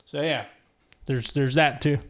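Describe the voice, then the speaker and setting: A man's voice: mid-range voice, steady tone, unhurried. A young man live streaming, chatting casually with his viewers and reading their messages aloud, in a loose, rambling, profane way. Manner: laid-back and profane, rambling with restarts and laughs.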